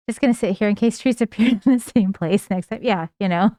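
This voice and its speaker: A woman chatting casually on a live stream, laughing often and cooing at her cats in a high sing-song voice. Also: brisk, hardly any pauses, mellow, no room sound, studio quality. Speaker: livestreamer.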